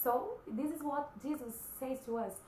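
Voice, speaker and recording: A woman whose first language is Portuguese gives an earnest devotional talk in English, often pausing and searching for words. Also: high voice, darkish tone, echoey room, a little hiss or hum, poor audio. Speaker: Christian vlogger.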